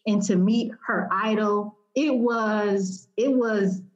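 A woman's voice: medium pitch, slow pace, dull audio. A young woman telling an emotional personal story as an interview guest, acting out what she and others said. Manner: animated, emotional, quotes herself and others.

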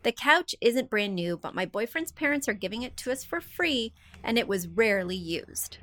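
A woman's voice: a little high, sing-song, normal speed, fairly bright tone. A woman hosting a design podcast, reading listener emails aloud and giving casual advice with chatty, self-deprecating asides. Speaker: podcast host, interior designer.

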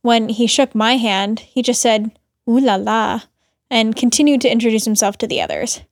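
A woman who hosts a podcast and works as a cook, narrating in a measured, reflective way. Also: fairly high pitch, dry recording, studio quality.

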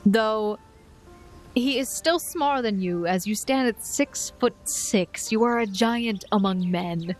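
Casting: woman game master, calm descriptive narration for a tabletop game, faint music behind. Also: mid-range voice. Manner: descriptive, unhurried, with soft laughs.

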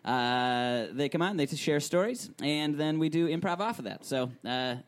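A man's voice: fairly high pitch, expressive, moderate pace, clean tone. A man hosting a live podcast on a small theater stage, talking casually with lots of filler words. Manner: casual, many filler words, laughs often. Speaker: podcast host. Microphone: unamplified recording mic.

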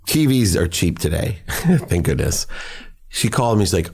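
A man's voice: deep voice, sing-song, moderate pace, vocal fry, pauses often, darkish tone, slightly rough. A middle-aged man, a podcast guest, telling personal stories in an earnest, emotional way. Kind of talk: personal storytelling.

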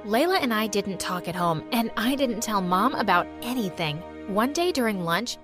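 A woman narrating a first-person story in a scripted, expressive and dramatic way. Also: mid-range voice, normal speed, over music.

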